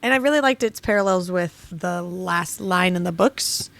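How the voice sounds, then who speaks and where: A woman's voice: lowish voice, normal speed, creaky, fairly bright tone. A young woman co-hosting a casual book club podcast, talking emotionally and laughing through tears. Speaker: podcast co-host.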